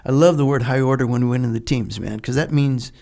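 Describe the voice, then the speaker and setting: An older man, a retired Navy veteran, telling a lively story in a podcast interview, acting out the dialogue and laughing often. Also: medium pitch, fast, gravelly. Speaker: guest, retired Navy SEAL.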